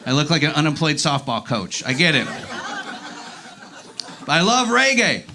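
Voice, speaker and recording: A man's voice: fairly high pitch, big pitch swings, moderate pace, creaky, slight background noise. A man performing a live stand-up comedy set, ranting in an exasperated, profane way and bantering with the crowd. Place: comedy club stage.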